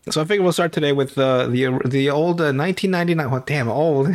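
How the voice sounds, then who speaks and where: A man's voice: a little high, quick pace, few pauses. A man with a stuffy nose, co-hosting a podcast and recapping a movie in a rambling, casual way. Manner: rambling, self-correcting, swears and laughs. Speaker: podcast co-host.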